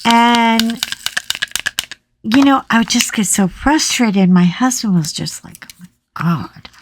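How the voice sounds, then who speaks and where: A woman chatting casually as she colors, telling a story with animated, exasperated swings in her voice. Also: on the high side, takes it slowly, noisy background. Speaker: coloring vlogger. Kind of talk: casual chat while coloring.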